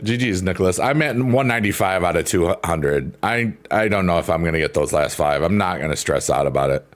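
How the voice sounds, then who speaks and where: Deep-voiced man in rambling stream chat. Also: expressive, a little fast. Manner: rambling and playful, laughs often. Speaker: livestreamer. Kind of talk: casual chat with live viewers. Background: soft piano.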